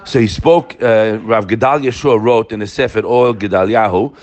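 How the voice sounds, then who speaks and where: A man's voice: lowish voice, steady tone, normal speed, a little mellow, highs cut off. A man giving an informal Torah class, talking straight to his listeners and repeating key phrases for emphasis. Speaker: Torah teacher.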